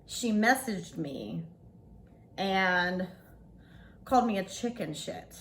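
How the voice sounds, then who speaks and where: A woman in her forties telling a story to camera in a casual vlog, blunt and animated, swearing freely. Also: mid-range voice, slow pace, slight background noise. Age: 40s. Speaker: vlogger.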